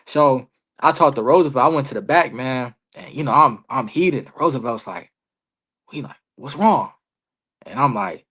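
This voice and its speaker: A wrestler guest on a podcast tells stories in an animated, mid-range voice at normal speed, bright and forceful with a breathy edge. It's a casual storytelling interview: his talk is slangy and loose, peppered with "bro" and "you feel me," and he acts out both sides of past conversations.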